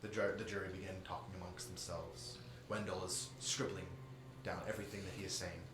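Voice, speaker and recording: A man's voice: low voice, flat delivery, fast, a bit bright. A man narrating a tabletop game as game master, rambling with restarts, in a roomy live stream recording. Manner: rambling, many fillers and restarts. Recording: roomy live stream audio, faint noise.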